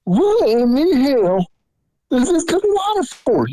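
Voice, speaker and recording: A man putting on a panicked dad who shrieks in a voice pitched far above his own. He is frantic and shouting, as if something is burning right next to him. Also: big pitch swings, measured pace, heavily acted. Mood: exasperated. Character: panicked middle-aged dad yelling.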